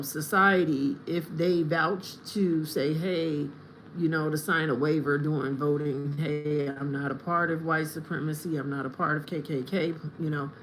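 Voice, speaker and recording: Livestreamer, from the US, rambling, confrontational, addressing chat, middle pitch. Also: slight background noise, poor audio. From United States. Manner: rambling, grows heated and confrontational.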